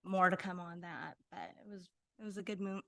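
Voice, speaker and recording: A woman city council member giving her report in the council chamber, in a loose and halting way. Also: on the low side, steady tone, gravelly, sharp tone.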